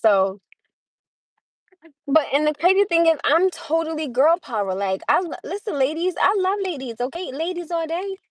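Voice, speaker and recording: A woman's voice: high voice, animated, moderate pace, dry recording. Chatty woman live-streaming to viewers. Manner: chatty, laughs often, greets viewers by name. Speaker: livestream host. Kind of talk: casual livestream chat.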